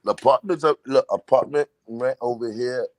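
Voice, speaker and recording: New York man, mid-pitched, profane slang-heavy storyteller, casual chat. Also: moderate pace, darkish tone. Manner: profane, street slang, rambling anecdotes.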